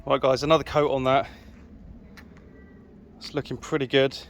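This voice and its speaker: This car restoration vlogger is an easygoing British man offering casual commentary while he works on a car outdoors on a windy day. Thinking aloud with fillers, he speaks at a moderate pace in a medium-pitched, level voice.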